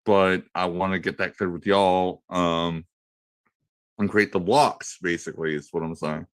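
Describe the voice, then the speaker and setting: A man's voice: low-pitched, fairly even intonation, a little slow, no echo. Profane, rambling man telling a story. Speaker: radio show panelist. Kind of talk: casual crude banter and storytelling.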